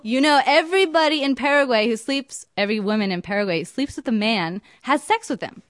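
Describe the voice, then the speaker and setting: A woman voicing a sneering, gossipy village shopkeeper who answers with flat, dismissive retorts. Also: a little high, a little fast, no echo, clean studio sound, pitched above the performer's own voice, natural voice. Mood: scoffing. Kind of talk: storytelling quote.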